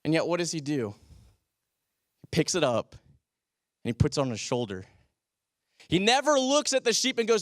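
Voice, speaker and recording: A man's voice: fairly high pitch, very animated, moderate pace, long pauses, dry recording, clean studio sound. A man preaching a sermon as a teaching pastor, talking conversationally and asking the congregation rhetorical questions.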